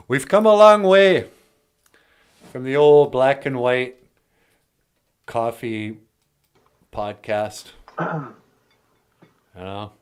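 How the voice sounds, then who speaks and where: A man's voice: medium pitch, very slow, long pauses, smooth. A man hosting a casual, jokey language lesson, talking plainly with playful asides. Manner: playful, jokey, slips between plain talk and silly bits. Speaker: language teacher and show host.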